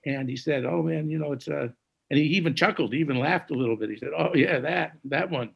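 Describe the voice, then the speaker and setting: A man in his sixties telling stories as a jazz musician in an interview, dropping to a hush when he quotes others and scatting tunes now and then. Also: a little high, quick pace, dull audio. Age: 60s. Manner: gravelly, hushed when quoting others, scats melodies. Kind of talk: conversational storytelling.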